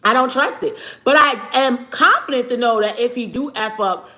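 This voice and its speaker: A woman's voice: on the high side, moderate pace, bright, forceful tone. A woman in her forties hosting a live stream, talking brashly and profanely, laughing often and mimicking others. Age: 40s. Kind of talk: casual live-stream commentary.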